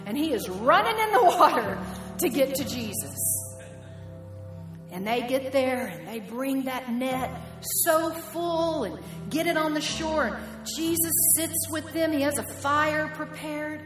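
Woman preacher, high voice, lively story-style sermon, echoey hall, long reverb. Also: unhurried. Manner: animated storytelling that acts out the quoted characters. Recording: echoey hall with music behind.

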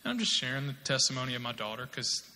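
In a long hall reverb, a man in his thirties preaches with a medium-pitched, very animated voice at a quick pace, sounding pushed and bright. He shares a personal testimony conversationally before building to emphatic exhortation.

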